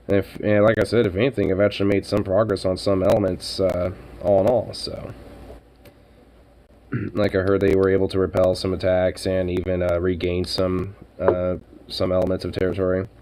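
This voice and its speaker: A man's voice: deep voice, flat delivery, normal speed, dark tone, slight background noise, rough recording. A man streaming live and chatting casually, rambling with many fillers and frequent swearing.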